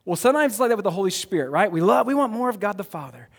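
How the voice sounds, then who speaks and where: A pastor with a high, sing-song voice races through his sermon in a large hall, the church sanctuary. He speaks casually, repeating himself and asking questions of his congregation.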